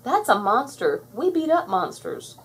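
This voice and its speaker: Woman doing brash, shouting Buttercup. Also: fairly high pitch, very animated, measured pace, breathy edge, pitched above the performer's own voice, heavily acted. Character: tough, hot-headed little superhero girl.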